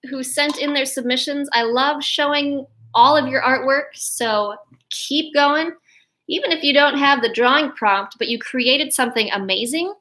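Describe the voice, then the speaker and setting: A woman's voice: high voice, bright, forceful tone, a little hiss or hum, low-quality recording. A woman hosting a family show for children, cheerful and chatty as she shows their drawings. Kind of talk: presenting a kids' show.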